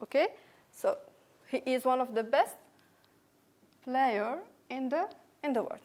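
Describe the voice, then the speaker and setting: Slow, high-voiced woman teaching English. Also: darkish tone. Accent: French. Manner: slow, repeats each word and sentence for learners. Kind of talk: recorded revision lesson.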